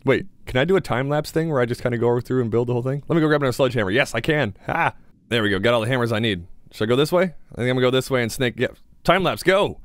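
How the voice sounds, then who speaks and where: A man's voice: mid-range voice, rapid-fire, no room sound. Man, young adult, gameplay commentary, talking to himself, casual, mildly sarcastic. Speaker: gaming YouTuber.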